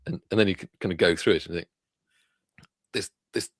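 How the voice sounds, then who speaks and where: A man's voice: sits low, fairly even intonation, rapid-fire, no echo. A man hosting a live tech news stream, chatting casually and rambling with many fillers and restarts. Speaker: livestream host.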